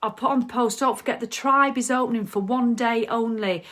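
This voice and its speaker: A woman's voice: on the high side, brisk. A middle-aged woman chatting casually on a live video as a wellness coach, reading out viewer comments. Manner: chatty, animated, reads viewer comments aloud. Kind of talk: casual live-stream chat.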